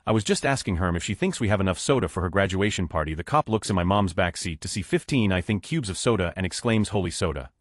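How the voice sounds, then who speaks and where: A low-voiced man narrates Reddit stories at a fast clip. His pitch moves a lot as he reads, and the recording is dry and close. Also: animated, no room sound. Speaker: story narrator. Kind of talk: reading Reddit stories aloud.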